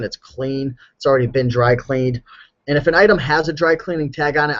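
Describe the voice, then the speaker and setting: A relaxed, chatty man talks through a casual live stream, his mid-pitched voice slightly hoarse. He rambles easily with plenty of ums and you-knows. The audio is dull and lo-fi. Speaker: clothing reseller answering live chat.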